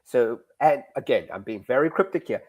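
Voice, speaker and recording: A man explaining his craft in a relaxed interview, rambling and self-deprecating. His pitch swings widely from line to line. He sounds animated throughout. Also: moderate pace, lo-fi sound. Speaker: comic creator, interview guest. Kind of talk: explaining in a casual podcast interview.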